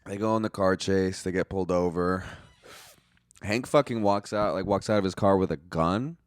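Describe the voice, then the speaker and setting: A man's voice: deep voice, normal speed, smooth, no echo, studio quality. A young man casually recapping a movie as a reviewer, loose and profane, full of "like", laughing at his own jokes. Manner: loose and profane, heavy use of "like".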